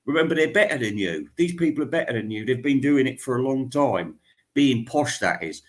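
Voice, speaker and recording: A man's voice: mid-range voice, lively intonation, brisk. A man hosting a radio show, rambling crudely through a comic monologue full of restarts and asides.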